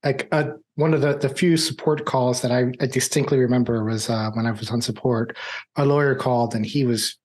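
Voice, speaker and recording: A man's voice: medium pitch, fairly even intonation, a little fast, a little mellow. A man with a mid-range voice joining a casual discussion. He tells a story from an earlier job in an ordinary conversational way. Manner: tells an anecdote from past work.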